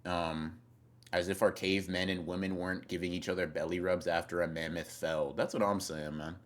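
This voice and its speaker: Man, podcast co-host, low voice, exasperated, profane casual banter. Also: little pitch movement, brisk. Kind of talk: casual chat.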